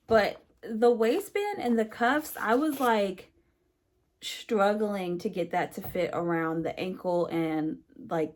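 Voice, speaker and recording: A woman vlogger chatting casually to the camera about her sewing projects, with frequent fillers and a friendly, talkative manner. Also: on the low side. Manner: chatty, many fillers, says "y'all" and "you guys".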